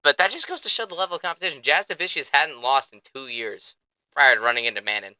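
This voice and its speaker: A young man hosting a sports podcast in an excitable, rambling, profane way, close to the mic. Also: mid-range voice, fast, no room sound, low-quality recording. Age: young adult. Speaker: podcast host. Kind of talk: casual chat.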